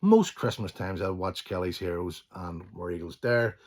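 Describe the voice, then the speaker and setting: Low-voiced man chatting enthusiastically. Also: moderate pace. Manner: enthusiastic, swears casually, trails off quietly. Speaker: channel host. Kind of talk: casual film collection chat.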